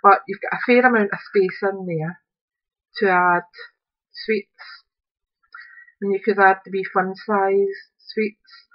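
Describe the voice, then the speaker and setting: A woman's voice: mid-range voice, steady tone, takes it slowly, pauses often, dull audio. A woman, chatting casually while demonstrating a craft project at home and thinking aloud as she works. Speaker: craft tutorial host. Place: upstairs room at home.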